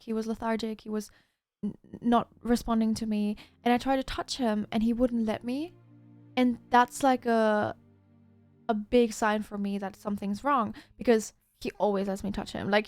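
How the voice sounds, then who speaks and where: A woman's voice: on the high side, darkish tone. A woman livestreamer chatting casually, telling a rambling story with lots of fillers and restarts.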